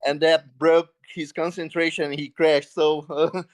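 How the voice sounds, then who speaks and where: A man's voice: a little high, flat delivery, a little slow. A racing driver talks through his race in a post-race interview. He speaks hesitantly, with many fillers and restarts. He laughs often between his thoughts.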